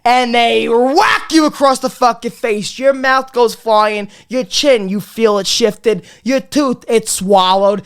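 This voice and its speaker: A comedy podcast host, ranting in a profane, rambling way that swings between loud bits and muttered asides. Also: medium pitch, expressive, takes it slowly, clean tone. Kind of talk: comedic rant.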